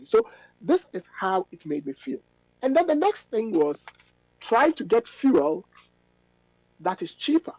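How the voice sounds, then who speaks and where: Analytical man, lively pitch. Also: creaky, no room sound, highs cut off. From Ghana. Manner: measured, analytical, emphatic stresses. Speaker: policy fellow and academic guest. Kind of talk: radio interview answers.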